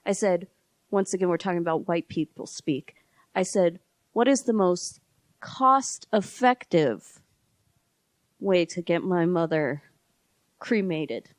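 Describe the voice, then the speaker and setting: A woman hosts a casual interview podcast and tells her stories with lively energy, slipping into little voices for the people she quotes. The sound is close and dry, with almost no room echo. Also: lowish voice, slow pace, long pauses. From lives in New Mexico. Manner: animated storyteller, acts out quoted voices, laughs often. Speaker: podcast host.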